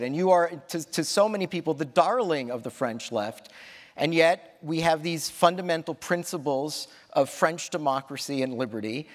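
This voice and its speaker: A man moderates a public interview on stage and asks long, articulate questions in an animated way. His voice is a little high, and the long reverb of a large auditorium carries it. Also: normal speed.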